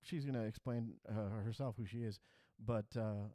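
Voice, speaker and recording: A man's voice: fairly low pitch, steady tone, normal speed, mellow, dry recording. A man hosting a live stream, introducing a recorded conversation in a loose, rambling way. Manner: rambling, restarts often.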